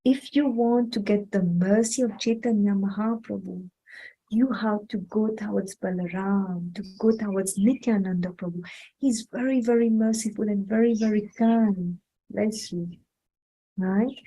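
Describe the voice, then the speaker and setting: A woman's voice: medium pitch, unhurried, dull audio. A woman animatedly telling a devotional story to a child, asking her questions as she goes. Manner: animated, questioning, acts out voices.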